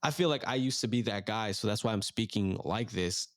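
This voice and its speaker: A man's voice: on the low side, fairly quick, no echo, clean studio sound. Laid-back man on a podcast. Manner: laid-back, earnest, slangy. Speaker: podcast co-host. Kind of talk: casual podcast chat.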